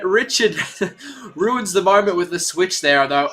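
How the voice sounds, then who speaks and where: A young man hosts a live basketball stream with rambling, chatty commentary. His voice sits high and bright, and it swings widely in pitch as he gets excited. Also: unhurried. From Australia. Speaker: livestream play-by-play host.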